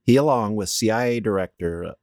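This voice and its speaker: A man with a low voice talks through a story from his notes in a casual podcast chat. He reads steadily but stumbles and restarts now and then. The sound is close and dry. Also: a little fast, a little mellow, no echo. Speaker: podcast co-host presenting the story.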